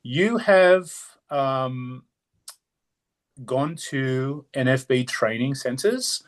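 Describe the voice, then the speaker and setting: An Australian podcast co-host speaks extremely slowly yet animatedly in a mid-range voice. In casual chat he rambles and talks a lot, drifting onto tangents.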